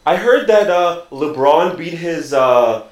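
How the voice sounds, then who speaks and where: A man's voice: a little high, lively intonation, slow, reverberant. A man hosting a casual podcast, joking and rambling with plenty of fillers. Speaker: podcast host. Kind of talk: casual crude banter.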